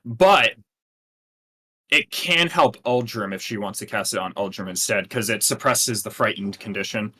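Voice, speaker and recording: A man's voice: lowish voice, normal speed, sharp tone, slightly rough. A man working as game master, calling out turns and patiently explaining spell rules, laughing often. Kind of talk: running a tabletop game.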